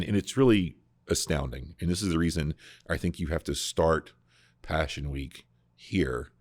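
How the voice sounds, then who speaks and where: A man hosting a podcast, explaining scripture in a casual, animated way, often restarting his sentences. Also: a bass voice, slightly rough, no echo, clean studio sound. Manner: animated, full of restarts and repeated words. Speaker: podcast host discussing scripture. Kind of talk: casual conversational Bible teaching.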